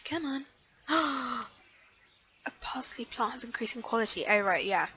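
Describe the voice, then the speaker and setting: A young woman narrating her gameplay in a loose, chatty way. She is easily excited and fills pauses with ums. Her voice is bright and crisp, with faint noise in the background. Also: fairly high pitch, low-quality recording. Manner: chatty and excitable, frequent gasps and fillers. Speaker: let's play host. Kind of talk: casual gameplay commentary.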